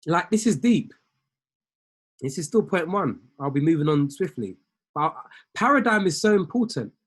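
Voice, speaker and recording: A man's voice: a little high, husky. A man who coaches traders, giving a motivational talk to a group in a preacher-like way, repeating lines for emphasis and speaking straight to his listeners. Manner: exhorting, talks straight to listeners. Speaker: trading coach.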